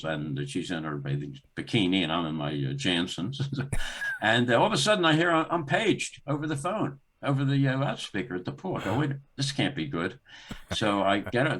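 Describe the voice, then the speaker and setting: An older man, a guest on a talk show, telling a long story in conversation, acting out the dialogue as he goes. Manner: animated, acts out dialogue in the story with rising pitch and laughter. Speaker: guest, former sports executive.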